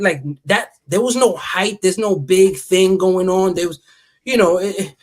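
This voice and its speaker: A man hosts a loose, casual chat with a slightly raised pitch. He swears freely and laughs often, keeping the talk lively and animated. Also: measured pace. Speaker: show host.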